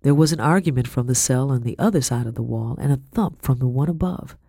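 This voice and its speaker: A woman reading a first-person story aloud in a measured, grave way. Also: rumbling low, dark tone, dry recording, studio quality. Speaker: audiobook narrator.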